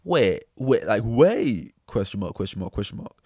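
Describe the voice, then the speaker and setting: A man's voice: lowish voice, very animated, normal speed, darkish tone, husky, no echo, clean studio sound. A young man hosting a solo podcast, rambling in a sarcastic, sweary way. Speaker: podcast host. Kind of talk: casual solo podcast monologue.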